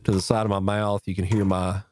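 Fairly quick and with little pitch movement, a podcast host teaching audio gear gives a folksy, casual talk to camera about mic technique. He repeats and restarts while demonstrating on a boom-arm mic with a foam cover close to his face. His voice is a little mellow, with a bit of hiss or hum in the recording.

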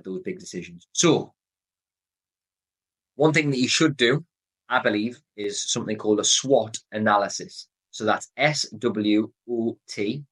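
A man's voice: on the low side, fairly bright tone, rough recording. A man with a Geordie accent hosting his own podcast, explaining a decision method in an earnest coaching way that repeats the key points. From North East England. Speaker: podcast host. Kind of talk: solo podcast advice talk.

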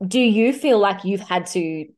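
A woman's voice: mid-range voice, lively intonation, unhurried, darkish tone. A woman hosting a podcast interview, asking reflective, probing questions and laughing often. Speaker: podcast host. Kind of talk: conversational interview.

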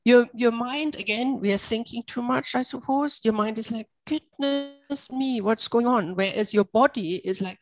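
A woman's voice: on the high side, moderate pace, few pauses, faint music behind. A woman practitioner explaining her method as an interview guest, reassuring and passionate.

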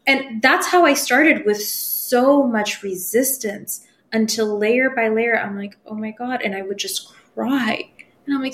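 A woman who works as a spiritual medium, talking as a podcast guest in a casual, expressive way, acting out her own inner dialogue and swearing casually. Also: on the high side, unhurried.

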